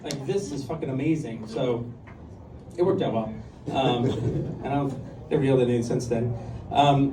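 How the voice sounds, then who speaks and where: A man's voice: medium pitch, noisy background. Man doing stand-up in an echoey club. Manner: conversational, self-deprecating, lots of filler ums and likes. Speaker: stand-up comedian. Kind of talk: stand-up comedy set. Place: comedy club stage with audience. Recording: echoey club room recorded from a distance. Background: audience laughter and room ambience.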